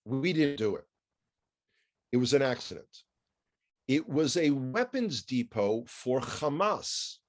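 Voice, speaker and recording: A man's voice: medium pitch, animated, takes it slowly, pauses often. A man with a New York accent giving a chatty news commentary, wry and full of asides and rhetorical questions.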